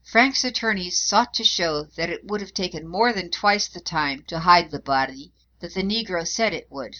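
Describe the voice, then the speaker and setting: A woman narrating a historical account in a measured, even reading voice. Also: lowish voice. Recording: dull lo-fi recording.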